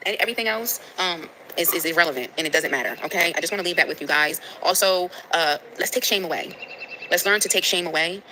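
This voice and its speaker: Brief: nasal woman livestreamer, quick delivery, bright edge, emphatic and repetitive. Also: fairly low pitch, slight background noise, low-quality recording. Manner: emphatic and preachy, repeats phrases. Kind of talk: casual livestream talk to viewers.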